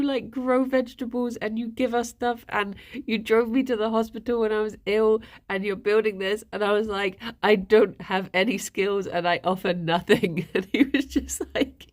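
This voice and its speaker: A woman's voice: fairly high pitch, fairly even intonation, normal speed. A woman, livestreaming and chatting casually with viewers, rambling and laughing often.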